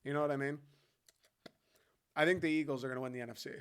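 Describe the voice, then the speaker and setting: A man's voice: mid-range voice, steady tone, fast, a bit bright, clear, resonant tone. Fired-up, profane man ranting about sports. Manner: loose and conversational, talks to the listener as "dude". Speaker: podcast host. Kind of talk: casual sports talk.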